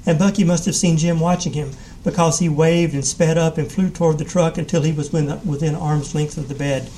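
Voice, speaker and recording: A man giving a measured live reading of a short story. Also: a little high, fairly even intonation, warm tone, slight background noise, low-quality recording. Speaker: reader.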